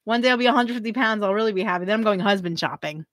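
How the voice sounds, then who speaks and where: A woman's voice: medium pitch, racing, a bit bright, no room sound. A woman hosting a casual livestream, reading viewer comments aloud in a bubbly, giggly way and greeting them as queens. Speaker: livestream host.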